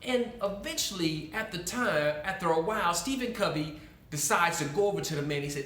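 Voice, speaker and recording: A man's voice: high-pitched, animated, fairly quick, a bit bright. A man hosting a talk about faith, telling a story earnestly and in a preaching tone, with some restarts. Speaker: host. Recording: echoey room.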